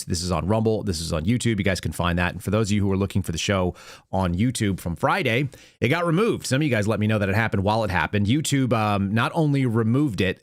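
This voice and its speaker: A man's voice: lowish voice, no room sound, clean studio sound. A man hosting a live political commentary show, talking casually and bluntly with sardonic, rambling asides. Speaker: podcast host.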